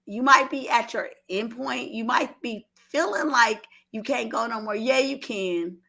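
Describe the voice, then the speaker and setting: With a fairly high, bright, forceful voice full of vocal fry, a middle-aged Oakland woman talks at a measured pace with hardly any pauses. Speaking in an Oakland accent on a call-in show, she earnestly tells a personal story, repeats herself, and holds back tears.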